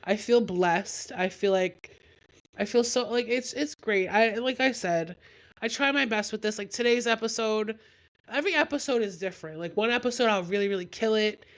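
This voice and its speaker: Young woman podcaster with a cold, rambling heartfelt solo talk, lots of "like", mid pitched. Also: normal speed. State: has a cold. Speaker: podcast host.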